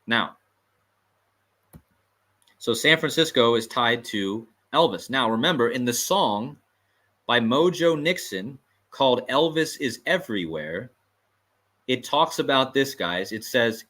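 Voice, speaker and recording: A man hosts a livestream in a bright, edgy voice. He talks emphatically, circles back to repeat his points and drops amused asides to his viewers. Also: medium pitch, animated, takes it slowly, long pauses. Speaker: host. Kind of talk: livestream commentary.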